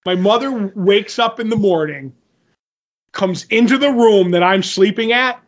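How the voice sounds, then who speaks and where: A man co-hosting a podcast, telling animated stories with frequent laughter in casual chat. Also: high-pitched, unhurried, lo-fi sound. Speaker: podcast co-host.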